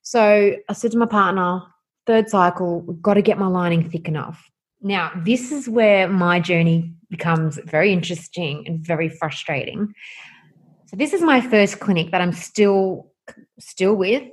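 A woman's voice: fairly low pitch, normal speed, slightly rough. Woman telling her story animatedly. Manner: animated, acts out quoted dialogue. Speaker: guest sharing her story. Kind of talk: candid personal storytelling.

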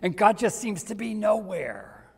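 An older man preaching a sermon in a conversational way, dropping to soft near-whispers for emphasis. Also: high-pitched, big pitch swings, a little slow, husky. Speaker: pastor. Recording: reverberant hall.

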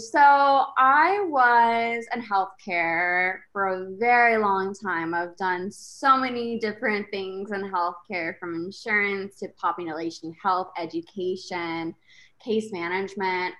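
A woman's voice: mid-range voice, slow pace. Candid woman guest telling her story. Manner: candid, expressive storyteller who swears. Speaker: podcast guest, entrepreneur. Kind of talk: casual chat.

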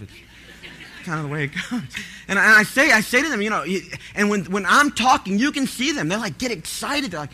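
A man, a pastor, preaching a sermon and telling stories with animated, loud bursts of pleading. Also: sits high, fast talker.

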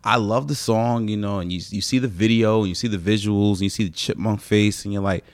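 A man's voice: fairly low pitch, steady tone, fast talker, a little mellow, clean tone, no echo. A man who is a comedian guest, telling stories in casual podcast chat, rambling with many fillers.

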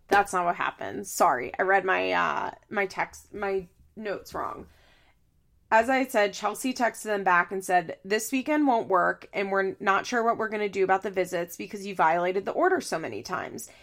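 A woman co-hosting a casual podcast recap, ranting and swearing in exasperation, sometimes mocking people in exaggerated high voices. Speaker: podcast co-host.

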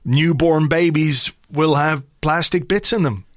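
A man's voice: a little high, unhurried, no room sound, clean studio sound. A man from Ireland, co-hosting a casual podcast chat, talking loosely and swearing now and then. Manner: chatty, swearing, self-interrupting. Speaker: podcast co-host.

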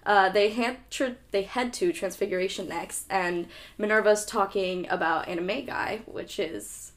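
Young woman, podcast co-host, chatty recap voice, casual swearing, middle pitch. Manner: chatty, swears casually, acts out characters in quick asides. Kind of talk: casual chat recapping a book.

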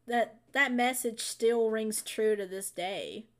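A woman's voice: a little high, takes it slowly. A woman chatting casually about a film she saw, rambling with lots of fillers and restarts. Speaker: film reviewer. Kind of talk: casual chat.

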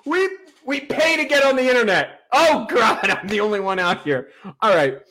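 A high, bright-toned man co-hosting a casual podcast. He talks with lively swings in pitch, laughs often and drops profanity freely in loud comic banter. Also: normal speed. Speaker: podcast co-host. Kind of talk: casual comedic chat.

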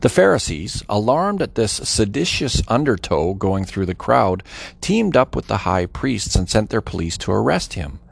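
Male reader for scripture audio, gravelly texture, lively melodic reading, dramatic delivery. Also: on the low side, normal speed. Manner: dramatic, varied delivery with voiced quotes.

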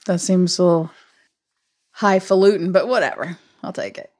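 A woman's voice: fairly low pitch, moderate pace, a little mellow. Playful woman podcast co-host. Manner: playful, laughs easily. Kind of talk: casual movie review chat.

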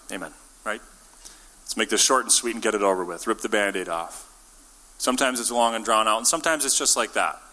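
A man delivers a conversational sermon, casual and playful, slipping into little acted-out voices for the people in his story. His tone is bright and forceful. A long reverb trails after him, as in a large church. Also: fairly low pitch. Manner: casual and jokey, acts out quotes. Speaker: preacher.

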